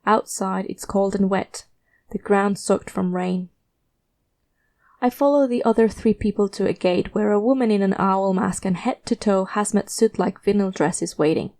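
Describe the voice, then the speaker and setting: Warm-voiced woman narrating a story. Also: medium pitch, moderate pace. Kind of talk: scripted first-person fiction narration.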